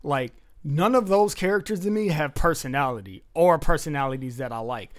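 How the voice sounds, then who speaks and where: Opinionated man with a slightly high voice. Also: animated, brisk. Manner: emphatic and opinionated. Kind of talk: casual chat.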